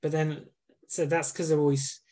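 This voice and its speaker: Joking man, a touch high. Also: little pitch movement, normal speed, crowd noise. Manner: joking, swears casually. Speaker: podcast co-host. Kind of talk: casual chat.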